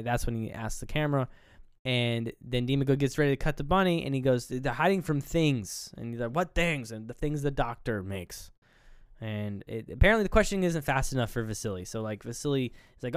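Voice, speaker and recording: A man's voice: mid-range voice, smooth, no echo, clean studio sound. A man co-hosting a podcast, casually recapping a film and acting out characters' lines with loose swearing. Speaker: podcast co-host.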